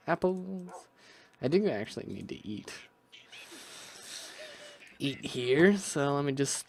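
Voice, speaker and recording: A young gaming video creator rambles casually about his own gameplay, musing aloud to himself with lots of restarts and asides. His voice is fairly high, sing-song, gravelly and fairly bright in tone, and he talks a little slowly with frequent pauses. There is slight background noise.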